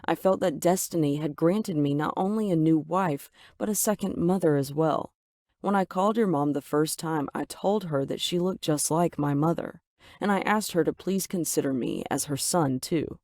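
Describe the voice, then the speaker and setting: A woman voicing a young man, an earnest and gentle fiancé, in an animated storybook narration. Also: low-pitched, normal speed, no room sound, clean studio sound, lightly acted. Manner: defensive then gentle explaining.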